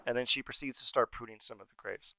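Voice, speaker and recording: A man's voice: mid-range voice, fast talker, gravelly, sharp tone, no room sound, highs cut off. A man narrating a tabletop game as game master, loose and jokey, often laughing.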